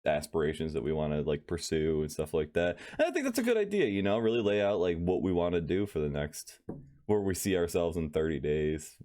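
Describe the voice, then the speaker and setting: Deep-voiced laid-back podcast man. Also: lively intonation, fairly quick, mellow. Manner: easygoing, laughs often, trails off mid-sentence. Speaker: podcast co-host, aspiring voice actor. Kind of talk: casual chat.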